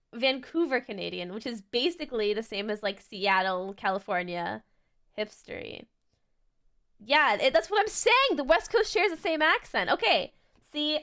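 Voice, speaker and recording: A woman's voice: a little high, a bit bright. A young adult woman streaming, chatting casually as she reacts to a video, giggly and rambling with lots of "like" and restarts.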